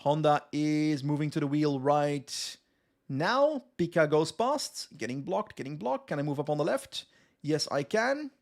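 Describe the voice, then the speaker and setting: He speaks at a measured pace in a fairly high, very animated voice. This young West Flemish streamer, a native Dutch speaker from Belgium with a Flemish accent, casually commentates a cycling game live while reading and answering his chat in a chatty way.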